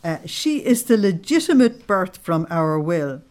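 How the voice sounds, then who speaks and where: Woman teaching, lowish voice. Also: big pitch swings, a little slow, a little mellow. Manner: explains readings, checks in with listeners. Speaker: religious teacher. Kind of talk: devotional study talk.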